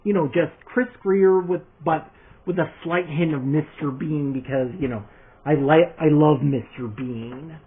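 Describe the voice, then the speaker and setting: A man's voice: fairly high pitch, measured pace, breathy edge. A young man vlogging casually about his fan series, rambling and hesitant with many fillers. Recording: tinny phone-like recording, faint hiss.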